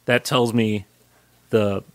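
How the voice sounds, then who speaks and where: A married man co-hosting a podcast, talking in easygoing, halting casual chat with fillers and restarts. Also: on the low side, fairly even intonation, no room sound. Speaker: podcast co-host.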